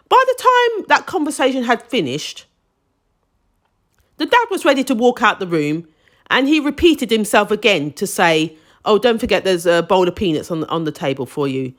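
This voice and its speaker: Animated woman reviewing TV. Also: mid-range voice. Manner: animated and indignant, emphatic asides. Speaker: TV drama reviewer. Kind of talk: casual opinionated review.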